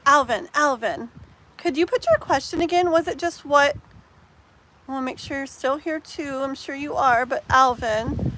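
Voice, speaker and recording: A woman's voice: high voice, background noise. Chatty woman tarot reader on a live stream. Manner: chatty and animated, rambling with fillers. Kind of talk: live-stream chat with viewers.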